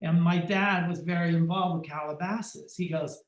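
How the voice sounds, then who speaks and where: High-voiced man telling a story. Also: moderate pace, echoey room, poor audio. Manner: acts out quoted dialogue in lively shifting tones. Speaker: podcast guest, fashion photographer. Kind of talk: animated personal storytelling.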